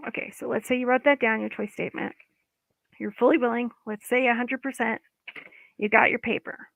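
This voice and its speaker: Speaking as an EFT coach, this woman gives an informal, guided self-help talk in a brisk, gravelly voice that sits a little high, her intonation fairly even. She chats along and now and then trails off mid-sentence. The recording has no echo and a dry, phone-like quality.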